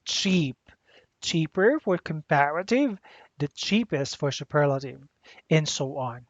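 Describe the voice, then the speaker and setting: A teacher giving a grammar lesson, deliberately spelling out letters and repeating the rules. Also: mid-range voice, lively intonation, dry recording. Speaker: English teacher. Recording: dull lo-fi dry recording.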